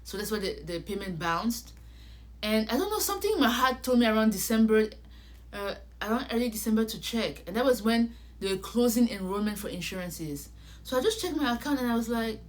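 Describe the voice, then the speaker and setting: A young woman vlogger telling a personal story in a casual, animated way, acting out conversations and talking straight to her viewers. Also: on the high side, brisk. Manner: animated, acts out conversations, addresses viewers directly.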